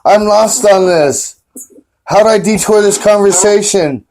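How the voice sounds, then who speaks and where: A man with a slightly high voice hosts a podcast. He talks in an easygoing, joking way during loose chat. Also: unhurried, background noise. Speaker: podcast host. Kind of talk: casual chat.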